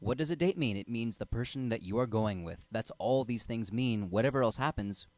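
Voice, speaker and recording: A young man on a studio panel show who reasons aloud by asking and answering his own questions. His voice sits at a middle pitch. The sound is dry and close. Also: expressive, a little fast, a little mellow, no echo. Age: teens. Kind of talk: casual panel talk.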